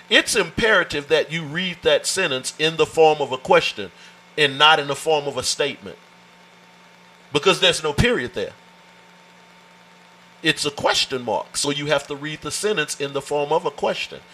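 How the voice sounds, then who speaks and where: A man leads a Bible study in an emphatic, informal way, pressing each point home. His voice is bright and forceful and sits a little high for a man. He often calls to the listeners with "watch this" and "amen.". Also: rough recording. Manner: informal, folksy phrasing. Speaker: Bible teacher.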